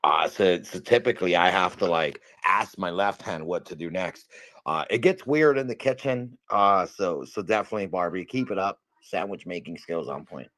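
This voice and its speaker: A man's voice: deep voice, lively intonation, moderate pace, fairly bright tone, no echo. A man co-hosting a casual livestream chat, rambling through jokey banter. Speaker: co-host.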